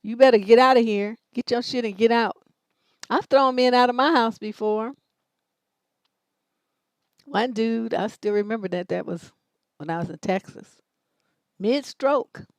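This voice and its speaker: A middle-aged woman hosts a livestream relationship advice show, speaking with a smooth, fairly high voice at a moderate pace and pausing often. The audio has no echo. Her manner is blunt and profane, with brash storytelling and lots of swearing.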